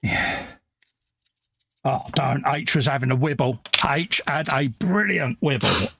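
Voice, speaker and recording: Gravelly, lively-voiced British man chatting. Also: medium pitch, slow pace, slight background noise. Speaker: co-host. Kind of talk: casual chat while model building.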